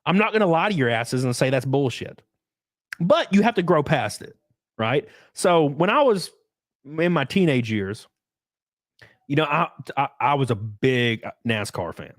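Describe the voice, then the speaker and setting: A man's voice: medium pitch, expressive, unhurried, no echo, studio quality. A man chatting casually on a solo livestream, rambling and swearing, acting out the people he quotes. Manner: rambling, profane, acts out quoted people, laughs often. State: out of breath. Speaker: streamer.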